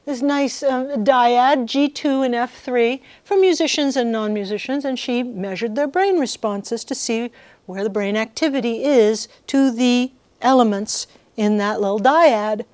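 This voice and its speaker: A woman giving a workshop lecture to music students, lively and engaging the audience with questions. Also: on the high side, a little slow, no room sound. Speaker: guest lecturer.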